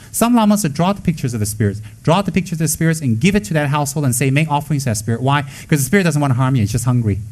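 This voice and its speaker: In an informal dharma talk, a man with a mid-range, slightly mellow voice teaches Buddhism off the cuff. He's blunt and emphatic, poses rhetorical questions only to answer them, and slips in teasing jokes.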